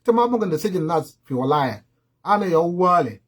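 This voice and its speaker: Man, high voice, heated commentary, repeats his warnings. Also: big pitch swings, quick pace. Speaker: political commentator. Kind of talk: impassioned political commentary.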